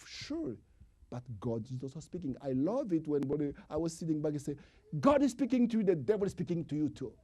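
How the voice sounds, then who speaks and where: A male preacher delivering a sermon in non-native English, swinging from emphatic calls to hushed whispers and repeating lines for emphasis. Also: a little high, sing-song, fairly quick.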